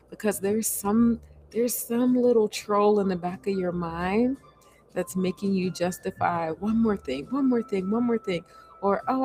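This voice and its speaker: A woman's voice: lowish voice, a little mellow, a little hiss or hum. A woman hosting a casual live chat and answering viewer comments in an earnest, coaching way, with bits of self-reflection.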